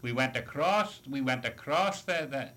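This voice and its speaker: A man's voice: mid-range voice, expressive, unhurried, bright, forceful tone. An older man, a retired sailor telling a long seafaring story in an oral history interview, rambling with many restarts and "you see" asides.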